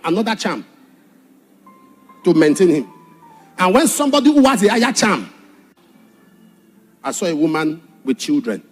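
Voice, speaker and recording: A man preaching a sermon with passion, swinging from shouted warnings to hushed storytelling. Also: high-pitched, slightly rough.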